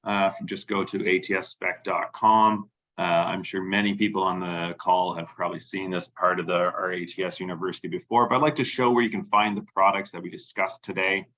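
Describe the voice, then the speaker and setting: A man hosting a webinar and walking through a software demo, speaking casually with many fillers. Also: low-pitched, steady tone, a little fast, few pauses, muffled recording. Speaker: webinar host.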